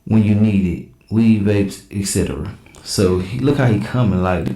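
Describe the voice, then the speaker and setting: Low mellow guy reading texts out loud on a reaction show, blunt and slangy, kinda echoey room. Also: normal speed. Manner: blunt, slangy, reads quoted messages in a plain back-and-forth. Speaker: reaction channel host. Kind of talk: casual commentary reading text messages aloud.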